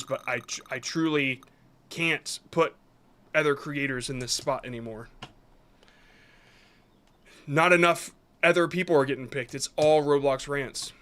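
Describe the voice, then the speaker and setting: A man's voice: a little high, fairly bright tone. A man hosting a live stream, reviewing viewers' short videos in casual commentary that is hesitant and apologetic, with many restarts.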